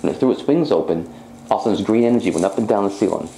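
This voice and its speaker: A man with a deep, gravelly voice and a dark, mellow tone tells his own story as a personal testimony. He acts out his own words as he recounts them. The sound is roomy and echoey, with a faint hum behind it. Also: racing. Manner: animated storytelling, reenacting his own speech. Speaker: psychic medium.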